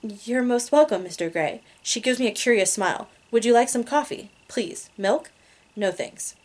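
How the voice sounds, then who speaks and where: A woman's voice: a little high, animated, moderate pace. Woman casually reading a novel aloud. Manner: reads emails aloud, laughs at her own slips. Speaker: reader. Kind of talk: casual amateur audiobook reading.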